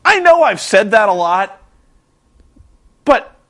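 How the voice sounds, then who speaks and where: A man's voice: high-pitched, sing-song, slow pace, sharp tone. A young man vlogging about a wrestling show, exasperated and sarcastic, rambling with restarts. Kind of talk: casual ranting commentary.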